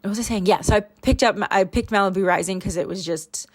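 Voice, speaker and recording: A woman's voice: mid-range voice, quick pace. A young woman chatting casually in a home voiceover about her planner and week, rambling and self-deprecating. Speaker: planner vlogger. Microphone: home voiceover mic.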